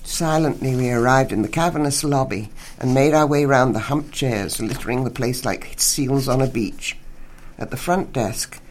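A man reading a story aloud in an even, wry way. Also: mid-range voice, slight background noise.

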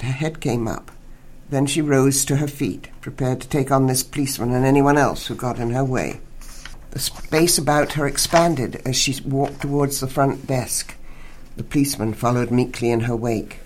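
A man reading a story aloud in an even, wry way. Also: medium pitch.

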